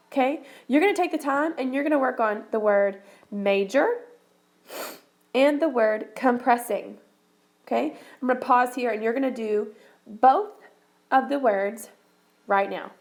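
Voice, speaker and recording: A woman's voice: a little high, poor audio. Upbeat woman teacher talking students through. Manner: encouraging, repeats okay, talks students through steps. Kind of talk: recorded reading lesson for students.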